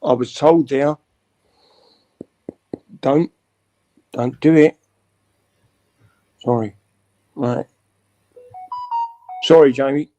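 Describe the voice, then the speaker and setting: A man's voice: mid-range voice, fairly even intonation, extremely slow, long pauses, dark tone, no room sound, dull audio, faint music behind. A man from London chatting casually as a guest on a live stream panel. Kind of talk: casual chat.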